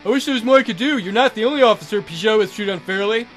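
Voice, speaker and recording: A man's voice: sits high, racing, faint music behind, lightly acted. A man reading a text adventure aloud, voicing a blunt but sympathetic senior naval officer in a firm, emphatic manner.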